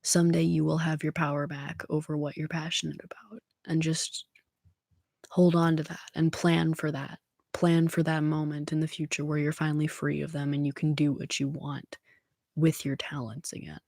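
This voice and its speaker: A woman ASMR streamer talking softly on a livestream, often slipping into whispers, gently encouraging her listeners. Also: low-pitched, level tone, moderate pace, gravelly, no room sound. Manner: soft-spoken, slipping into whispers. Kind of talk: soft-spoken livestream chat.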